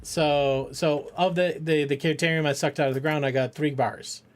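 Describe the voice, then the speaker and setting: In a casual charity game stream, a middle-aged man speaks with a fairly high pitch, fairly even intonation, and normal speed. He rambles and jokes, swears freely, and often breaks into laughter.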